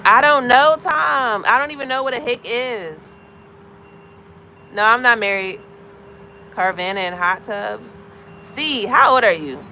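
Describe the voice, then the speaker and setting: A woman in her thirties with a bright, forward American voice, chatting with her livestream audience and calling out viewers by name. Her tone is easygoing and talkative. Faint city traffic hums behind her, as if she is outside near a car. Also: fairly high pitch, unhurried, pauses often. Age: 30s. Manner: chatty, greets viewers by name, drifts between comments. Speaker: livestream host. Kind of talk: casual live chat with viewers.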